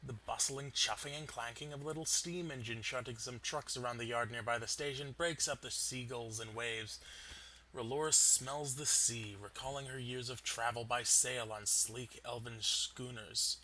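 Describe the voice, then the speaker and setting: A man narrating a tabletop game as game master, in steady, descriptive storytelling. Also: medium pitch, normal speed, a little hiss or hum.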